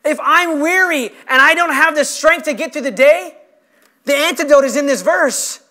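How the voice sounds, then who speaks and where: A male pastor preaching a sermon with impassioned, emphatic delivery, stretching out key phrases slowly. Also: extremely high pitch, sharp tone. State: emotional.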